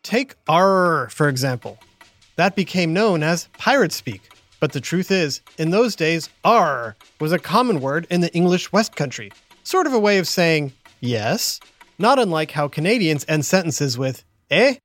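Upbeat guy hosting a kids' podcast, pitch bouncing all over, dry studio sound, faint music. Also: moderate pace, no room sound. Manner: upbeat, animated narration for kids. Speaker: host. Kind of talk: children's educational podcast.

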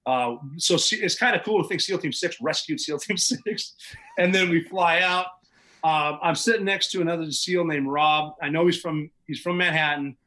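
Man, podcast guest, bright tense voice, slightly high pitch, matter-of-fact storytelling. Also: normal speed, poor audio. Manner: vivid, matter-of-fact recounting with occasional chuckles. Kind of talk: casual spoken storytelling.

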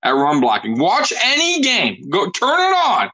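A man hosts a casual sports chat in a blunt, emphatic way, and he says "bro" a lot. His voice is high and lively. The tone is bright and forward. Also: measured pace, muffled recording. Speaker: podcast host.

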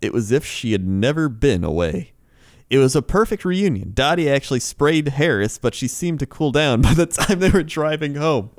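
A man's voice: medium pitch, animated, normal speed, no echo, clean studio sound. A man co-hosting a casual comedy talk show, reading odd news stories aloud and laughing often.

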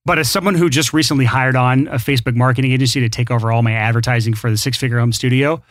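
Quick talking guy hosting a podcast, upbeat advice, dry close sound. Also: medium pitch, fairly even intonation, no echo. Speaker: podcast host. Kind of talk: casual chat.

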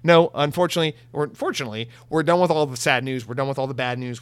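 Podcast host, male, sarcastic and foul-mouthed, animated delivery, dry close sound. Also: medium pitch, fast talker, clear, resonant tone, dry recording. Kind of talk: casual comedic podcast.

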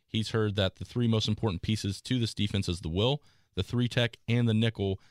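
A man co-hosting a casual sports podcast, reading out listener questions in a steady way. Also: fairly low pitch, a little fast, no echo.

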